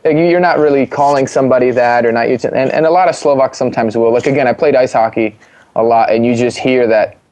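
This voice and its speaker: A man's voice: medium pitch, quick pace. An American man chatting as a guest, telling stories with lots of fillers and restarts. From United States. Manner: animated storytelling, many fillers and restarts. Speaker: guest singer-songwriter. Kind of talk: casual interview chat.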